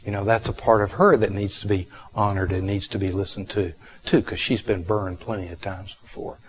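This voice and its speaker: A man with a fairly low voice gives a reflective meditation talk. He speaks gently and without hurry, pausing often and filling gaps with soft fillers as he tells a story from his counseling work. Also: fairly even intonation. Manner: gentle, unhurried, with frequent fillers and pauses.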